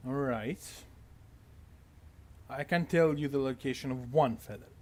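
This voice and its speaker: A game master putting on a secretive male schemer who keeps pressing his case, urgent and evasive, never willing to explain himself. His voice sits at an ordinary middle pitch for a man, talking plainly at a tabletop game. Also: a little slow, darkish tone, lightly acted. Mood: insistent. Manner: insistent, evasive, pleading. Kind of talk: game master voicing a character.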